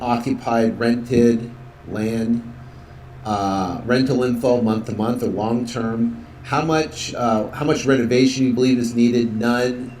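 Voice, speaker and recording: A man's voice: mid-range voice, darkish tone, a little hiss or hum. Male instructor, casual screen-tutorial voice, filler-heavy, roomy room tone. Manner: casual, upbeat, many fillers, acts out sales calls. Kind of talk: software walkthrough tutorial.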